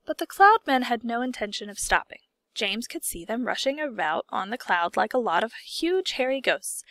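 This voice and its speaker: A woman reads a children's storybook aloud with a steady, expressive delivery. Her voice sits on the higher side. The recording is dry and close, with no room sound around her. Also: no room sound. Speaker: audiobook reader. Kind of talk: storybook narration.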